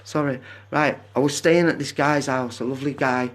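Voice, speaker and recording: A man's voice: mid-range voice, steady tone, normal speed. A man chatting casually on a phone live stream, rambling and drifting off onto tangents. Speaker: livestreamer.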